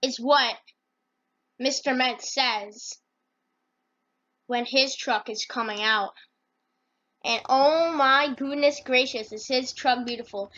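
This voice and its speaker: A woman's voice: high voice, slow pace, long pauses, a bit bright, dull audio. A woman narrating a comedy game video in a rambling, hyped, slangy way. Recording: noisy with engine sounds.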